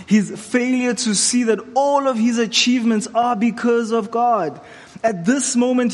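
A male preacher delivers a sermon in an earnest, exhorting manner, pacing his words with care. His voice sits high, and a long hall reverb trails behind each phrase. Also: darkish tone.

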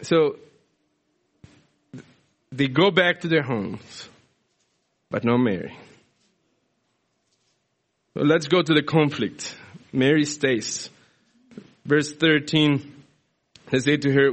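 A man's voice: on the high side, takes it slowly, long pauses. A man from South America preaching a sermon in a conversational, explanatory way with frequent restarts.

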